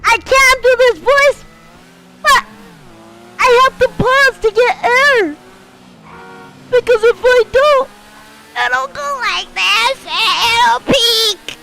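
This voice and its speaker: A shrill, hyper cartoon monkey yells in short bursts. The voice sits at the very top of the register, sharp and bright, and the words come out stretched and slow. It sounds like a squeaky creature barely holding its breath. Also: male voice, creaky, slight background noise, heavily acted, poor audio. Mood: whiny. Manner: frantic, shouty, short bursts. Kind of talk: gameplay commentary in character.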